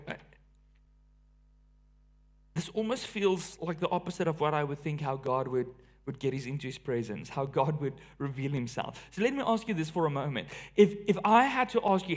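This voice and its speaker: Male preacher, high-pitched, dynamic sermon delivery, loud emphatic peaks dropping to hushed lows.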